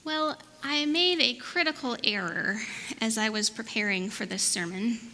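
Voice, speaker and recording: Bright-voiced woman pastor. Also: on the high side, a little slow. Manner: warm, coaxing, asks questions. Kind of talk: children's message and sermon. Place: church sanctuary. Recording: reverberant church hall, faint noise.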